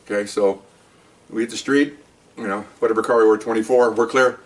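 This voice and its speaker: A man's voice: lowish voice, fairly quick, far from the mic. An older man, a retired police officer, tells a funny story from his years on the job. He rambles, laughs at his own tale and acts out the voices of the people in it. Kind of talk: casual anecdote.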